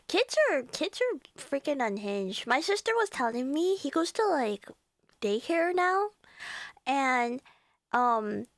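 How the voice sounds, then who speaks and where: A woman's voice: high voice, a bit bright, no echo. A young woman streamer chatting casually with her live viewers, laughing often and greeting chat by name.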